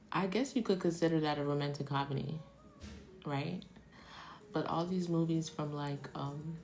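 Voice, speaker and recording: Woman in her 40s, tarot reader on a live stream, low voice, gravelly, chatty, digressive. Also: darkish tone, rough recording. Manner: chatty, digressive, thinks aloud.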